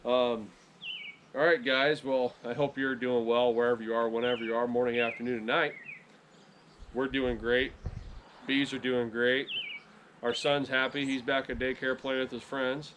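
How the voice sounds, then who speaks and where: A man chatting casually to camera outdoors beside his beehives in a relaxed, rambling way, often correcting himself. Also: mid-range voice, moderate pace, noisy background. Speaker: beekeeping vlogger.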